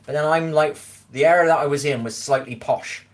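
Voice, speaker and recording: A man's voice: a little high, brisk, noisy background. Rambling Scottish man chatting on a live stream. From Scotland. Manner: rambling, keeps asking "do you know what I mean". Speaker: livestreamer. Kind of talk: casual live-stream chat. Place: home kitchen.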